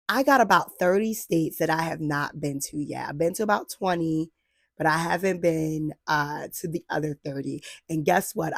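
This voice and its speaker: A young woman in her twenties tells a personal story in a casual vlog. Her voice sits a little low, and the recording is dry and close. She talks with lots of "like"s and laughs, playfully acting out her own past thoughts. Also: no room sound. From New Jersey. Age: 20s. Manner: laughs often, frequent fillers like "like". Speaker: vlogger. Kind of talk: casual faith-based storytelling chat.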